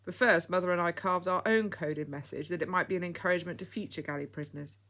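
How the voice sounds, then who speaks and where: A woman reading the lines of an earnest, excitable young boy in an audiobook story. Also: on the low side, fast talker. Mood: eager. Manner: eager, earnest.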